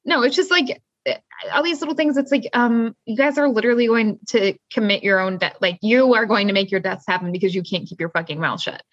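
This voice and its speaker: A woman's voice: a little high, fairly quick, fairly bright tone, dry recording. A young woman co-hosting a casual TV recap chat, retelling scenes and acting out the characters' lines. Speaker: podcast co-host. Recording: dull dry lo-fi sound.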